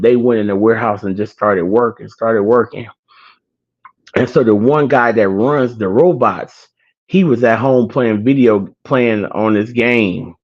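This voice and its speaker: A man casually retelling a movie plot, a little wheezy and out of breath, now and then acting out lines in a high excited voice. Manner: animated storyteller, acts out quotes in a high excited voice. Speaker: online show host. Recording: dull lo-fi sound.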